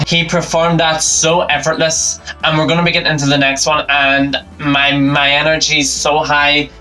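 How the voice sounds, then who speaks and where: A man hosting a reaction channel offers upbeat, enthusiastic commentary on a concert performance while the concert music plays loudly behind him. His voice is a little high and level in tone, at a normal speed, and the audio quality is poor.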